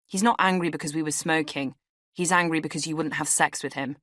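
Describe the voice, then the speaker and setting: A woman's voice: low-pitched, steady tone, fairly quick, fairly bright tone, no room sound, clean studio sound. A woman voicing a pushy young man with a French accent, speaking in an offhand, coaxing way.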